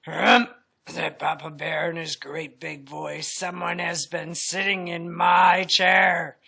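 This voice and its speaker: A big, gruff father bear grumbles in a loud, booming voice, put on by a woman reading a storybook. The voice sits on the low side. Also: flat delivery, slow, heavily acted. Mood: grumbling.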